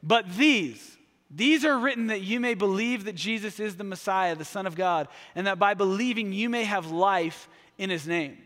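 A man preaching a sermon, energetic and humorous, slipping into playful voices for asides. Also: high-pitched, moderate pace, big-room sound. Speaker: pastor.

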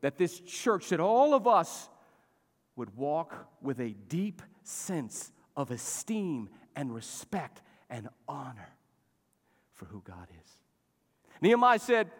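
Animated middle-aged male pastor, reverberant. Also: high voice, slow. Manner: animated, exhorting preaching with call-and-response. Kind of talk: sermon. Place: church. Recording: long reverb of a church hall.

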